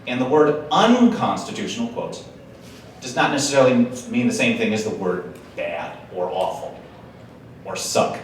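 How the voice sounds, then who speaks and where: In a big, echoey conference hall, a Wisconsin man talks a little slowly in a voice on the low side, giving a chatty, joking speech packed with slang asides. The mic is heard from a distance, with slight background noise.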